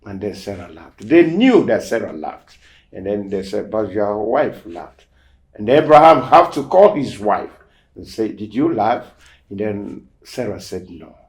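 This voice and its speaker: Gravelly low-voiced man telling a story. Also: sing-song, a little slow. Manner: retells a story and acts out the quoted dialogue. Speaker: show host. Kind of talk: casual storytelling of a testimony.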